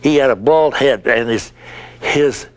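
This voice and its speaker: An older man being interviewed, recalling stories in a lively storytelling way and acting out quotes. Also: medium pitch, a little slow. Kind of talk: anecdotal recollection.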